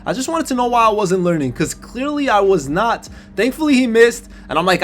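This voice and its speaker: With faint music playing behind him, a young gaming YouTuber talks a little fast and with few pauses in a high voice, commentating on his basketball video game play. He's animated and frustrated, venting in casual slang and calling viewers "bro" and "man."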